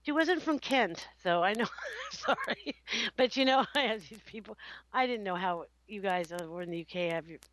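Animated laughing woman host. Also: mid-range voice, moderate pace, rough recording. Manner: animated, laughing, rambling storyteller. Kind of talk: casual chat.

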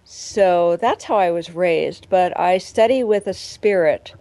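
A woman guest in an interview, talking through a personal spiritual story with a reflective, earnest manner. Her voice sits a little low for a woman, and the recording is dry and close, with no room around it. She slows down to lean on the key moments. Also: warm tone, no echo, rough recording.

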